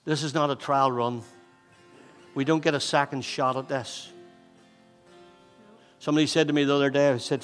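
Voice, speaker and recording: A man of sixty preaching a sermon as pastor, fervent and repetitive, moving between loud exhortation and hushed intensity. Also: mid-range voice, fairly even intonation, moderate pace, long pauses, clean tone, long reverb tail, soft background music. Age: 60s. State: out of breath. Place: church hall.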